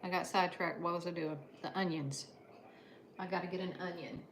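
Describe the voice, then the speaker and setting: A woman's voice: fairly low pitch, steady tone, brisk. Older woman, motherly livestream chat, cooking at home, faint background noise. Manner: chatty, motherly, talks to viewers by name while cooking. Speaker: livestream host. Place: home kitchen.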